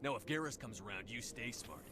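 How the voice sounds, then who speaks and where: A man voicing a threatening thug in a game, speaking low and menacing. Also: expressive, a little fast, natural voice. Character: menacing male street thug. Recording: game audio under loud noise.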